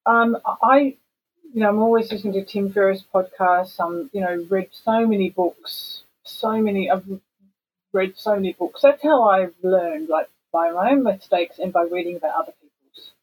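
A woman with an Australian accent, chatting as an interview guest in an animated, emphatic and frank way. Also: mid-range voice, moderate pace, breathy edge, low-quality recording. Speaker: guest, voice actor and singer. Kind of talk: casual interview chat.

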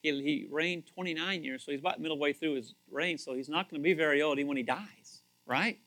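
A man preaching a sermon in a conversational, animated way, repeating himself and swinging between loud emphasis and quiet asides. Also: fairly high pitch, brisk. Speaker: pastor.

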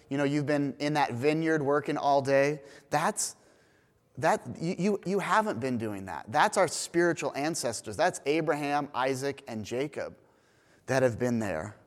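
A man preaching a sermon in a church, retelling a parable in a lively storytelling manner. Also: on the high side, a little slow. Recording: long reverb of a church hall.

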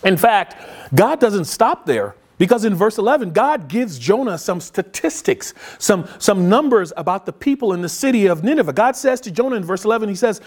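A man preaching a sermon for a podcast, retelling a story in an animated way and acting out the voices he quotes. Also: sits high, normal speed. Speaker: pastor.

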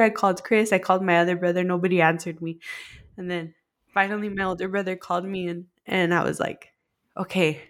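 A woman's voice: mid-range voice, a bit bright. A woman co-hosting a podcast, telling a personal story in a heartfelt, rambling way, full of "like" fillers. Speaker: podcast co-host.

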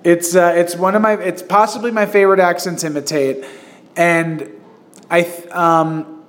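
A man chats casually on a podcast, his voice sitting a little high for a man. He rambles through his stories with plenty of fillers and restarts, laughing as he goes. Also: steady tone, moderate pace. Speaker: podcast host. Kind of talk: casual chat.

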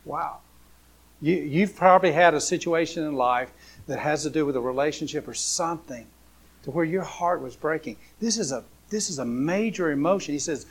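A man's voice: on the high side, moderate pace, breathy edge. A man preaching a casual sermon as a pastor, speaking in a loose, repetitive way with many fillers and rhetorical questions. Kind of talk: conversational sermon.

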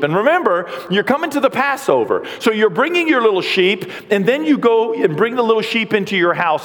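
A man preaching a sermon as pastor, animated and playful, acting out quick voices and jokes. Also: high-pitched, in a large hall.

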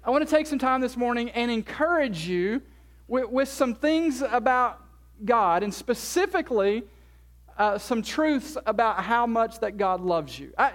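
A man's voice: extremely high pitch, lively intonation, unhurried. A male pastor preaching an earnest, encouraging sermon, often repeating words as he goes.

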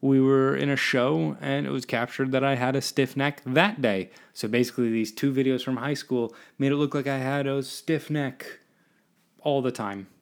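A man's voice: medium pitch, fairly even intonation, normal speed, creaky. A man, hosting a solo podcast and rambling between topics in a self-deprecating way. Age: 20s. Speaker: podcast host.

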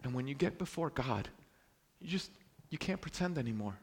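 Young male preacher from Brooklyn, mid-pitched voice, animated sermon delivery that swings from loud to hushed. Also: moderate pace, slightly rough. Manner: animated storytelling, swings between loud exclamations and hushed lines.

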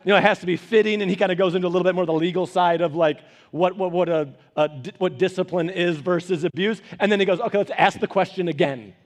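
High-voiced, animated male pastor. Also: fast talker, hardly any pauses. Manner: animated storytelling, laughing asides. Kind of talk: sermon.

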